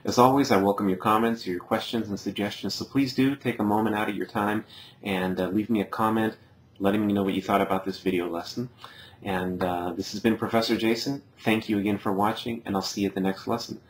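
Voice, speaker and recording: A man teaching a slide-based video lesson, patiently explaining and repeating each example word slowly. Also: lowish voice, fairly even intonation, a little hiss or hum. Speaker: Spanish teacher.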